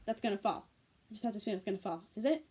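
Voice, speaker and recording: A woman's voice: mid-range voice, very fast, very noisy. A teenage girl chatting casually in a home vlog, rambling and repeating herself in an earnest way. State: tearful, on the verge of crying. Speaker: vlogger.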